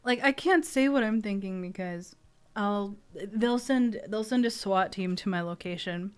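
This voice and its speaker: A young woman streaming as a vtuber, chatting casually and excitably, swearing and gushing, often stumbling over restarts. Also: mid-range voice, a little slow, clean tone.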